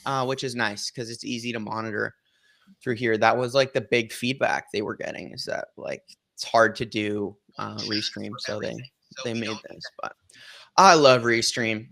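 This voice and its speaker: Bright-voiced, excitable man hosting a stream. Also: lowish voice, normal speed, gravelly. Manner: loose, excitable, swears casually. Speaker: livestream host. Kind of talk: casual livestream chat.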